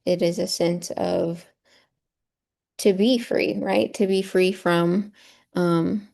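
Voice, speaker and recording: Woman teacher, low-pitched, gravelly edge, patient step-by-step explainer for a screen-share lesson. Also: fairly even intonation, slow pace, mellow. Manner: patient, checks in with rhetorical "right?".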